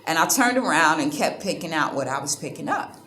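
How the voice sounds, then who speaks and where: A woman's voice: sits low, fairly quick, a little hiss or hum. Indignant woman vlogger in a roomy space. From United States. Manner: animated, indignant retelling with quoted exchanges. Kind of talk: casual storytelling to camera. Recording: roomy sound with faint ambience.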